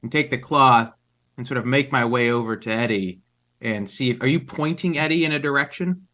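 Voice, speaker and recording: A man with a bright, forward voice, describing his character's actions at a tabletop game. He rambles loosely and fills gaps with filler words. It sounds like relaxed play among friends. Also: medium pitch, brisk. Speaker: player. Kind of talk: casual tabletop role-play.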